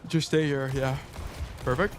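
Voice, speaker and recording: A man's voice: mid-range voice, fairly even intonation, a little slow, slight background noise. A man coaching a player through gameplay footage in a casual, blunt way, often repeating short commands. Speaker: game coach.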